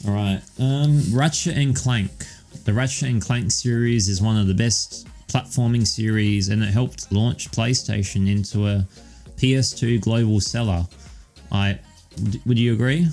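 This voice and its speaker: This young podcast co-host has a fairly low, slightly mellow voice and talks a little slowly, with faint music behind him. His casual chat is rambling and profane, peppered with ums and "all right"s.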